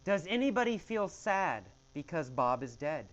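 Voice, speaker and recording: A man's voice: a little high, very animated, normal speed, a bit bright, lo-fi sound. A man teaching English with a question-and-answer story, speaking in an emphatic, exaggerated way.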